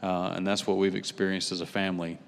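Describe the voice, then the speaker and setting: A man's voice: low voice, little pitch movement, fast talker, gravelly, long reverb tail. A man in his late forties, originally from Britain, giving a chatty, self-deprecating introduction as a guest pastor before his sermon. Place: church sanctuary.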